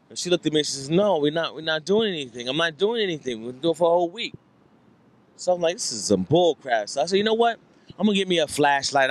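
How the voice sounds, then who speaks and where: This stand-up comedian's voice sits a little high and sounds fairly bright. Performing on a comedy club stage, he spins a meandering story, repeating lines and voicing quotes.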